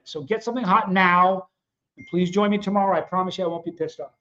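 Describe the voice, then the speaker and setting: A man's voice: high-pitched, fast talker, pushed and bright. A man hosting his own livestream, talking casually and bluntly to his viewers in a fired-up, confrontational way. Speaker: host of a livestream show. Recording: dull lo-fi sound.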